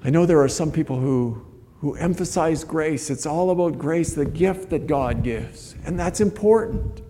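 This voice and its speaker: A man's voice: a little high, normal speed, mellow, big-room sound. A man preaching a sermon as a pastor, earnest and conversational, often restarting his phrases.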